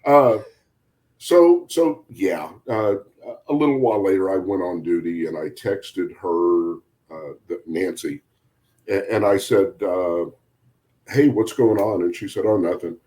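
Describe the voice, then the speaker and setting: A man with a lowish voice tells a long prank story in a casual podcast chat. He is a sheriff's deputy who chuckles as he goes and acts out what each person said. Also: unhurried, mellow. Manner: amused, chuckles through his story, quotes people in dialogue.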